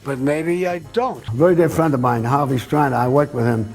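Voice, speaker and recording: A man, a jazz trumpeter telling blunt, animated stories about his life. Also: mid-range voice, a little fast, vocal fry, faint music behind. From Brooklyn, New York. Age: 90s. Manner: blunt, animated storytelling with bursts of laughter. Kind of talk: candid reminiscing.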